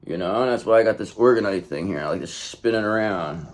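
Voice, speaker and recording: Talking fast in a lowish voice, a male tarot reader who hosts his own channel runs a casual reading, effusive toward viewers while rambling and circling back to repeat himself.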